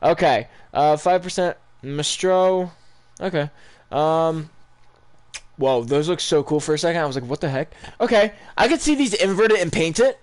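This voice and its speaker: A young man giving casual, rambling live reactions to video game items, excitable and full of ums. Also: fairly high pitch, measured pace. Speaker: gaming YouTuber.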